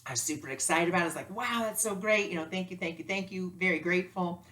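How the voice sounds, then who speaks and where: A woman teaching spiritual lessons through personal stories, animated and acting out dialogue. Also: fairly low pitch, fast talker. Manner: animated, acts out dialogue with lively voices. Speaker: spiritual teacher and life coach. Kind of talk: storytelling lesson.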